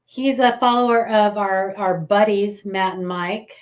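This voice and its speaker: A woman hosting a casual live stream, giggly and excitable, greeting viewers by name. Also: mid-range voice, unhurried, muffled recording.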